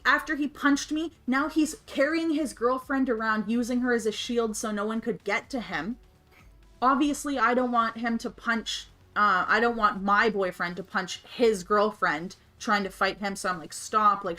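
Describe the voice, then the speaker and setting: Slightly high-voiced woman telling an animated story. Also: normal speed, faint music behind. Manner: animated, colloquial, swears freely. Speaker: streamer's wife, co-host of a gaming livestream. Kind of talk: casual storytelling on a livestream.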